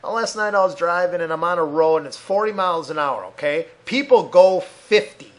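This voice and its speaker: A man's voice: high-pitched, lively intonation, fairly quick. A man hosting a podcast, ranting heatedly with constant swearing. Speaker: podcast host.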